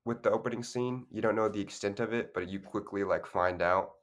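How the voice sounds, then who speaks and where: A man with a very low, deep voice talks casually through a film's plot on a podcast. He rambles and backtracks, stacking fillers and self-corrections as he goes. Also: fairly quick. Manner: loose, rambling, many fillers and restarts. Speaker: podcast co-host. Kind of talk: casual film discussion.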